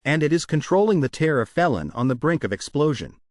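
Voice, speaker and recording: A defiant dark sorcerer who threatens to haunt a city, read out by a man narrating a comic recap. The delivery is steady and matter-of-fact, with a lively rise and fall and a dry, close sound. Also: fairly high pitch, brisk, no room sound. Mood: grim. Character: menacing male dark mage, defiant.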